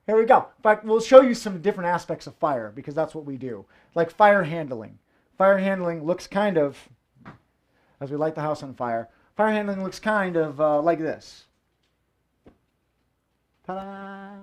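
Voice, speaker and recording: A man with a fairly high, expressive voice talks at normal speed but pauses often. He hosts a live variety show from a room at home, serving as the fire performer too, and jokes playfully through his tricks with theatrical asides.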